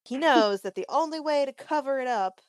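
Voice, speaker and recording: A woman co-hosting a casual podcast, recapping a TV episode in a chatty, animated way and acting out the characters' lines. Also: sits high, brisk, no echo. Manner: chatty and animated, acts out quoted lines, openly annoyed. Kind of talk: casual chat.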